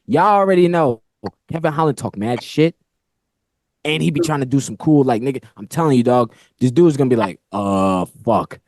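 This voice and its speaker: A man's voice: mid-range voice, fairly quick, no room sound, clean studio sound. A man co-hosting a casual fight-picks podcast, joking and swearing freely. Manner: animated, joking, swears a lot. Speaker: podcast co-host. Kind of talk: casual chat.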